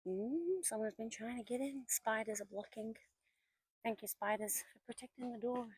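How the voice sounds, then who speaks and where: A woman's voice: on the high side, moderate pace, a little mellow, slightly rough, no echo, poor audio. Chatty woman in her forties, dry sound. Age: 40s. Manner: chatty and storytelling, now and then dropping to a whisper. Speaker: vlogger. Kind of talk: casual walking vlog narration. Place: outdoors in woodland.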